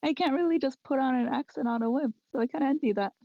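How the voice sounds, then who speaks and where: A woman's voice: high-pitched, fast talker, vocal fry, dry recording, dull audio. A woman speaking standard American English, co-hosting a podcast and explaining herself in a thoughtful, rambling way. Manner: thoughtful, rambling with fillers and restarts. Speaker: podcast co-host. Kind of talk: casual chat.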